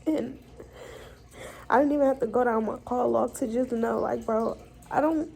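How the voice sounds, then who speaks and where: A young woman speaks to her camera in a personal vlog, venting with blunt, profane frankness. Her voice sits a little high and carries a gravelly fry. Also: normal speed, a little mellow, rough recording. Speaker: vlogger.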